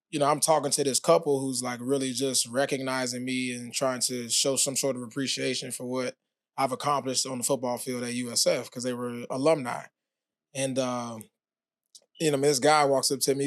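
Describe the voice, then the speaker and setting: A man talking as a podcast guest, telling his story in a relaxed way with many fillers. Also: medium pitch, no room sound, clean studio sound. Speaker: podcast guest, former pro football player. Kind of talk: casual interview talk.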